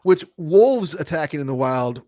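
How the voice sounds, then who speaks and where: A man hosting a casual movie podcast, his voice sitting a touch high for a man. He talks in a lively, sarcastic way and laughs often. The sound is dry and close. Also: normal speed, no room sound. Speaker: podcast host. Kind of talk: casual movie review chat.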